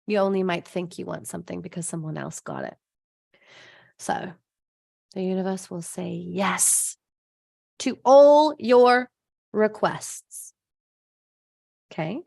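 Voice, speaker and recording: A woman's voice: mid-range voice, expressive, measured pace, gravelly, pauses often, darkish tone, dry recording, studio quality. A woman hosting a live stream, chatting with viewers as she answers their comments, laughing often and acting out voices in her stories. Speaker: host of a live stream, abundance coach.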